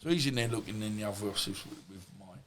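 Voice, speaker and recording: A man's voice: lowish voice, fast talker, background noise. A middle-aged man, a former boxer and podcast guest, telling casual stories in a rambling, anecdotal way full of asides. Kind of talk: casual storytelling.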